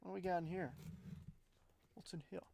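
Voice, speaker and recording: A man's voice: sits high, a little fast, creaky. Chatty young man hosting a card break. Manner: chatty, excitable, talks to chat viewers by name. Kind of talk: live card-break commentary.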